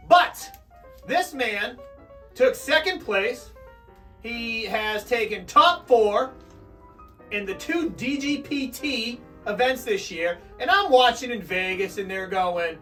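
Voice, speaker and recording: A young man co-hosting a casual sports chat show, loud and joking as he hypes segments. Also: very high-pitched, animated, slow pace. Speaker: podcast co-host. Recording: distant mic with faint music.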